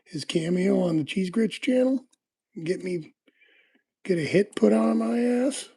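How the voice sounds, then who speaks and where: A man's voice: sits high, a little slow, vocal fry, mellow, slightly rough. A man hosting a casual livestream, chatting to viewers and rambling through stories with lots of fillers as he picks locks. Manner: rambling, laid-back storytelling with frequent fillers. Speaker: livestream host. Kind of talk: casual livestream chat while lockpicking.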